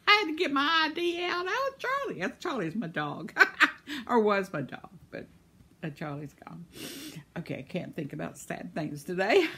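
A woman's voice: fairly low pitch, breathy edge. A woman, chatting casually and laughing often as she reads viewer comments on her vlog. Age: 70s. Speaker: vlogger.

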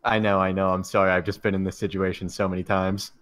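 A man's voice: low voice, level tone, fast talker, a bit bright, no echo. A man playing a tabletop game, joking in a dry, sarcastic way. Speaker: player.

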